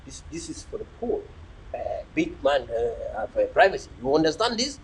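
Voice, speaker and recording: A man's voice: fairly high pitch, big pitch swings, normal speed, a little hiss or hum, low-quality recording. A young man hosting a live video chat, preaching and joking, slipping between pidgin and English. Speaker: livestream host.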